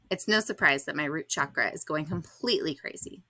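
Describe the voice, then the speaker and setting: A woman's voice: deep voice, lively intonation, a little slow, long pauses, pushed and bright, slightly rough, no room sound. A woman podcast host reading her own blog post aloud in a candid, reflective and slightly awkward way.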